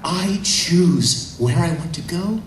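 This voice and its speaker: A torn, gentle android woman with a hushed, lifted voice, as a man puts her on. It comes from an echoey hall with a faint hiss underneath. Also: high voice, expressive, takes it slowly, recorded from a distance, voice pushed up. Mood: anguished. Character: gentle female android, torn and soft-spoken.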